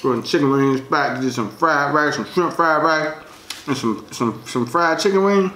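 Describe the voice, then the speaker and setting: Man, relaxed slangy mukbang chatter, talks while chewing, roomy echoey room at home. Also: on the high side, normal speed, a little hiss or hum. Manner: laid-back, chatty, slangy, talks between bites. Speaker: food vlogger. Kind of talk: casual mukbang chat while eating. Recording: roomy echo.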